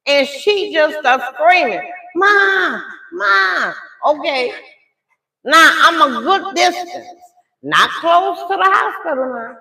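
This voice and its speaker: A middle-aged woman on a livestream, retelling a family story in a dramatic, animated way and often asking viewers "okay?". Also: sits high. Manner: dramatic, animated retelling that swings from loud outbursts to hushed asides; addresses viewers directly, often checking in with "okay?". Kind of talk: casual storytime. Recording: echoey room.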